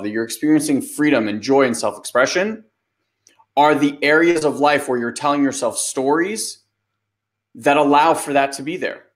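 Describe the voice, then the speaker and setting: A man hosting a webinar, talking loosely as a life coach and answering a listener's question, with lots of "like" and "you know". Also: medium pitch. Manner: loose, conversational, many fillers like "like" and "you know".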